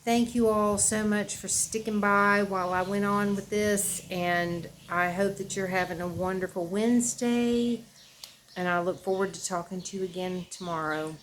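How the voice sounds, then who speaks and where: A woman's voice: mid-range voice, fairly even intonation, moderate pace, a little hiss or hum. Woman vlogger, emotional home chat, rambling and fond. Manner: rambling, tender, emotional, says "y'all". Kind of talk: casual chat to camera. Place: at home indoors.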